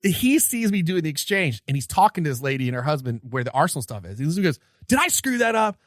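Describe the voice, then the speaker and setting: A man, co-hosting a podcast and telling a story in an excited, animated way, often restarting his sentences. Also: on the high side, quick pace, dry recording, clean studio sound. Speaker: podcast co-host. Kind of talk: casual storytelling chat.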